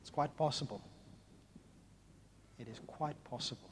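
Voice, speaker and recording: A man preaching a sermon in an animated way, acting out the voices of the people in the story. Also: mid-range voice, measured pace, a little hiss or hum.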